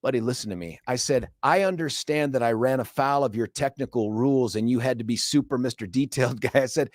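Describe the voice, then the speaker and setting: A man's voice: mid-range voice, fairly quick, no room sound, studio quality. A middle-aged man hosting a talk radio show, animatedly retelling a quarrel and acting out both sides. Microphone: studio microphone.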